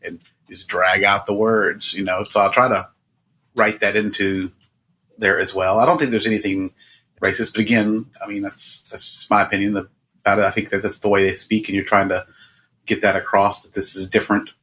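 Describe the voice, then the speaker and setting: Halting male podcast co-host. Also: lowish voice, level tone, fairly bright tone. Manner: halting, with many restarts. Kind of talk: casual chat.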